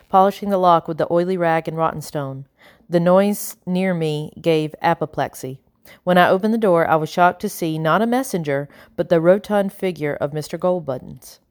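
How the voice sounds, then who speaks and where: A woman reading an audiobook in a measured, expressive narrating style. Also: lowish voice, no room sound, studio quality. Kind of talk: scripted narration.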